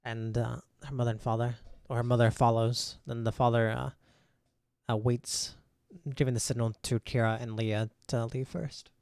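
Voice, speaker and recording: A man narrating a tabletop game as game master in a relaxed, filler-heavy way. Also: mid-range voice, normal speed, gravelly, smooth, no echo, studio quality.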